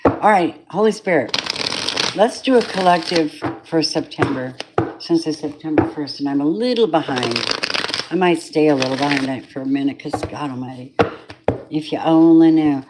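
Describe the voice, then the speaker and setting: A woman's voice: deep voice, moderate pace, very noisy. A woman giving a collective tarot reading in a rambling, candid way, swearing often and drifting into spiritual asides. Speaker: tarot reader.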